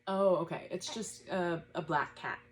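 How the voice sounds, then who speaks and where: A woman in her thirties teaching a gentle yoga class at home, guiding breaths patiently and encouragingly. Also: on the low side, unhurried, over music.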